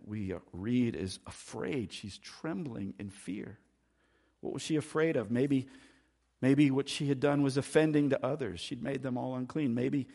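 A male pastor delivering a sermon, shifting from loud, emphatic lines to hushed, quiet asides. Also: creaky, breathy edge. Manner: dynamic preaching, swinging between loud emphasis and hushed, low asides.

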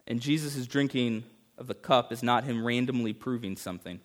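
A man preaching a sermon as pastor, emphatic, swinging between urgent rises and hushed passages. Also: medium pitch, normal speed.

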